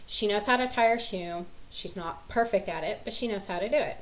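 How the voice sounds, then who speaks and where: A woman's voice: medium pitch, normal speed, few pauses, slight background noise, poor audio. A mother talking casually to the camera, telling about her busy morning in a rambling, chatty way full of fillers. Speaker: mother of several children.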